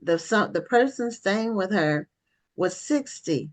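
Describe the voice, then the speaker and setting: A woman's voice: mid-range voice, animated. A woman hosting an online book talk show, conversational and affirming with her guests. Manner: conversational, affirming, with quick asides.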